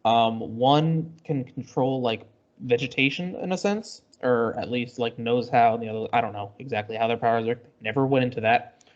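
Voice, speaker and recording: A man's voice: medium pitch, normal speed, muffled recording. A man co-hosting a comics podcast, talking casually and rambling through a plot recap with lots of fillers. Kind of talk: casual chat.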